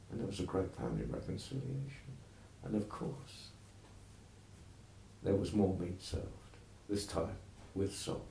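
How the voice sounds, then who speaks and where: Gravelly, animated male storyteller. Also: low voice, slight background noise. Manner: animated, conversational, asides to listeners. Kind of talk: oral folktale telling. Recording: roomy echo.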